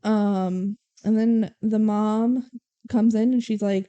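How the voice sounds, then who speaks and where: A young adult woman co-hosting a podcast, retelling a movie plot in animated casual chat with swearing and acted-out quotes. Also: medium pitch, takes it slowly, smooth, highs cut off. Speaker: podcast co-host.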